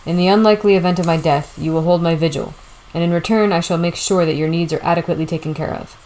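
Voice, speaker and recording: A woman reading the lines of a sly, smooth-talking old male con man in an audiobook, confident and persuasive. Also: fairly low pitch, fast, a little mellow, lightly acted, poor audio.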